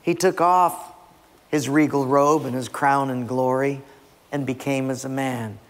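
A man's voice: mid-range voice, steady tone, a little slow. A man preaching a sermon, emphatic and direct with his listeners. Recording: long reverb in a large hall.

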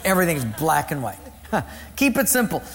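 A man preaching a sermon as pastor, reading scripture slowly and deliberately and joking with the congregation. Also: a little high, very animated, creaky, fairly bright tone, big-room sound. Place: church sanctuary.

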